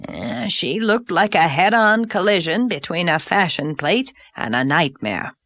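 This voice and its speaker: A woman's voice: lowish voice, animated, measured pace, a bit bright, no room sound, exaggerated voice. A woman voicing a blunt, sardonic older man with a dry, mocking delivery.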